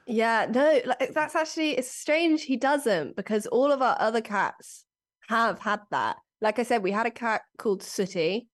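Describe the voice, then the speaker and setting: Giggly young woman, chatty guest. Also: normal speed. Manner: animated, giggly, slips into high cooing cat voice. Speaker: comedian guest. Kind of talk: casual podcast chat.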